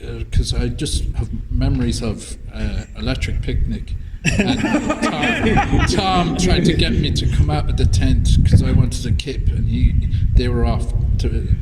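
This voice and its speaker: Man, halting storytelling, lots of fillers, heavy background noise, reverberant. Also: mid-range voice. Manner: halting, many fillers and restarts. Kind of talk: casual banter. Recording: noisy with long reverb.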